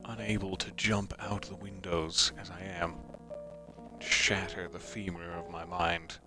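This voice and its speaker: A man's voice: deep voice, level tone, a little slow, over music. A man streaming a puzzle game live, commenting playfully and melodramatically to himself. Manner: playful, melodramatic, talks to objects.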